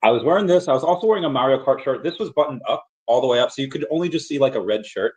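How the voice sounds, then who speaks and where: A man's voice: medium pitch, lively intonation, very fast, darkish tone. A man hosting a casual stream, telling stories in a rambling way with frequent restarts and fillers. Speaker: crypto collectibles vlogger. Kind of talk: casual livestream chat.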